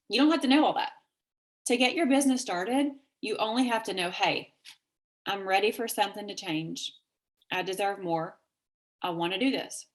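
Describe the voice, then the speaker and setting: A woman from Kentucky with a Southern accent, giving an energetic, chatty sales pitch over a video call and acting out quoted messages with big jumps in pitch. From Kentucky, USA. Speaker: network marketing presenter.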